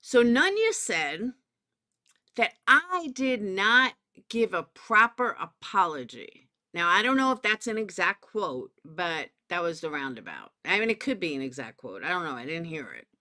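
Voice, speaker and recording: A woman's voice: fairly low pitch, very animated, normal speed, pushed and bright. A woman with a Southern US accent giving a profane, sarcastic commentary rant, calling people out directly. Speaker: commentary YouTuber. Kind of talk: ranting drama commentary.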